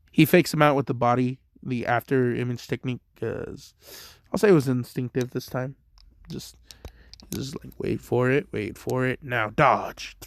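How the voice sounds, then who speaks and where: A young man rambles casually through a fan story, easygoing and full of fillers. His voice sits at an average pitch and sounds smooth and clear. The recording is dry and close. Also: no room sound. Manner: rambling, filler-heavy, laid-back.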